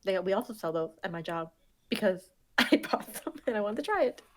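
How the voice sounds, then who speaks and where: A woman's voice: mid-range voice, lively intonation, brisk. A young woman co-hosting a podcast, chatting in a laid-back way, swearing casually and laughing between lines. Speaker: podcast co-host. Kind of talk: casual chat.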